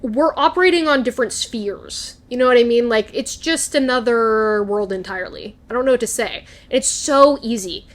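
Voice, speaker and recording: Gushing young woman, high voice. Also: moderate pace, hardly any pauses. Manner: gushing, animated, swears, laughs often. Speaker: recap vlogger. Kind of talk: casual chat, excited TV recap.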